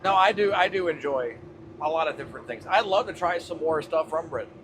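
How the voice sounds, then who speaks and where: Lively trucker chatting to his stream. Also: a little high, fairly quick, background noise. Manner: loose, swears casually, talks to chat. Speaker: trucker livestream host. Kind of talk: casual livestream chat. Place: truck cab on the road.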